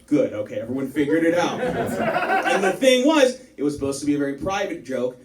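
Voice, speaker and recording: A man telling a rambling, profane stand-up story to a live bar audience, getting louder as it builds. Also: a little high, brisk, background noise. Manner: rambling, swears a lot, builds to excited shouting. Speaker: stand-up comedian. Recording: roomy live bar recording from a distance. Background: audience laughing.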